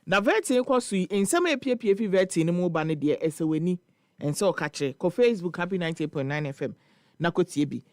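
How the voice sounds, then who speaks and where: A Ghanaian man hosting a morning radio show, telling a story and reading listener comments in an animated, laughing way. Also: high voice, a little fast, no echo, studio quality. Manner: animated, laughing storyteller mixing Twi and English. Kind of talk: casual chat reading social media comments. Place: radio studio.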